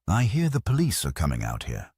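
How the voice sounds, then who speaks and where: A man's voice: low voice, huge pitch swings, brisk, a little mellow, slightly rough, no room sound, clean studio sound, exaggerated voice. A man voicing a stiff, clipped army major in a read-aloud mystery, with a short staccato delivery.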